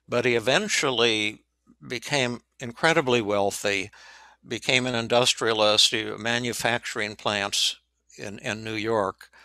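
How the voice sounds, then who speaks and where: An older man, a psychiatrist, tells a story from his practice in an interview, animated and with frequent restarts and repeated words. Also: medium pitch, no echo. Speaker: psychiatrist guest.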